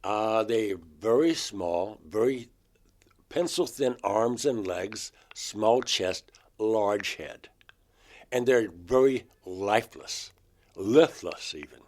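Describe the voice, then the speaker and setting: Here the older interview guest from Georgia, USA, talks slowly in a low-side voice with lively intonation. He sincerely relates his own experiences and performs recalled dialogue, punctuated by abrupt loud bursts.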